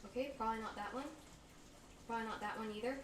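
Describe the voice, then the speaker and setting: A woman's voice: on the high side, steady tone, fast talker, slight background noise. A woman chatting casually through a cooking livestream, playful and bubbly as she talks to her viewers. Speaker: streamer.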